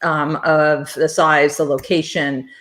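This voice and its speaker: A woman's voice: deep voice, little pitch movement, slow pace, fairly bright tone. A woman who co-hosts as a real estate agent, agreeing readily with her partner and adding points in a casual live-stream chat. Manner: agreeable, frequent short affirmations. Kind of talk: live-streamed advice talk.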